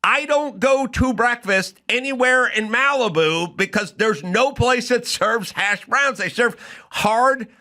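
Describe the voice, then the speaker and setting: Bright-voiced man in a profane rant. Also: very high-pitched, slow. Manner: profane, exasperated ranting. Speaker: podcast host. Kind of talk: comedic rant.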